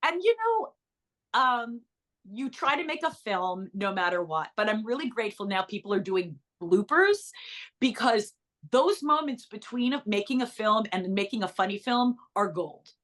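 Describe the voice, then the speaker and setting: Chatty middle-aged actress. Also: female voice, mid-range voice, expressive, a bit bright. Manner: bubbly, storytelling with quick asides and laughs. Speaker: actress and author. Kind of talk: casual interview chat.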